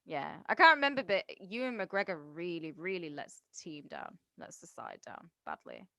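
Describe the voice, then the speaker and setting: Lively low-voiced woman chatting. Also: dry recording. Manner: chatty, sweary, quick to laugh. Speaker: podcast co-host. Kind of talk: casual podcast chat.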